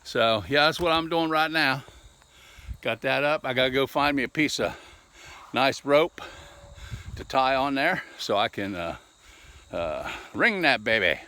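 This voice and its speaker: A man's voice: medium pitch, lively intonation, a little slow, long pauses, sharp tone. A man chatting casually to his camera outdoors in a folksy, joking way. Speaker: hobbyist vlogger. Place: outdoors in the yard.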